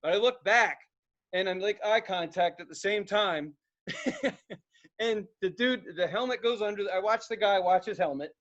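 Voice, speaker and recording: A young man co-hosting a podcast, telling stories in a casual, profane, animated way, acting out loud outbursts and laughing along. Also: sits high, moderate pace, lo-fi sound. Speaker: podcast co-host. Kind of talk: casual storytelling chat.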